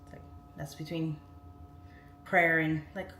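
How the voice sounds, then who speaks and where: A woman's voice: lowish voice, moderate pace. A woman hosting a casual live stream from home on a phone, rambling chattily and reading viewer comments aloud. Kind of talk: casual livestream chat. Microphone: phone on its side. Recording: echoey room with faint music.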